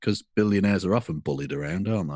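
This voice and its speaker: A man's voice: deep voice, quick pace, darkish tone, no echo, studio quality. A man co-hosting a casual podcast chat, sarcastic and mocking, swearing freely. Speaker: podcast co-host.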